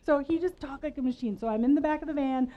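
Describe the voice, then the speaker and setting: A woman's voice: high voice, fast. A middle-aged woman giving a personal storytelling sermon at a faith gathering, chatty and self-deprecating. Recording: slightly muffled recording.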